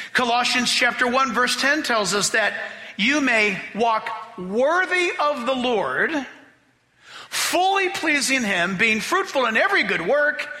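High, bright-voiced preaching man. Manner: emphatic, exhorting, with humorous asides. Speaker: pastor. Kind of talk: sermon. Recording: long hall reverb.

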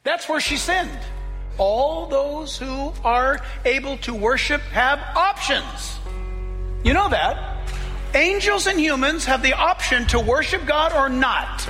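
A high, bright male preacher with a gravelly edge, swinging widely in pitch as he talks through his sermon. His voice rings through a large church hall with a long reverb and faint music underneath. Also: takes it slowly. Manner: lively, playful, conversational preaching.

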